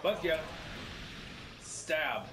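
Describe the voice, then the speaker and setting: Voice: medium pitch, animated, very slow, background noise. A gamer commenting on their own play, incredulous, repeating questions and breaking into laughter. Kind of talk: casual gameplay commentary. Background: game music.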